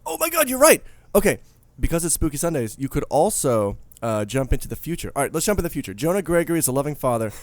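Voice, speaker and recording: A man's voice: a little high, big pitch swings, fast talker, no room sound. A man in his thirties co-hosting a podcast in casual, joking, rambling chat. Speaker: podcast co-host.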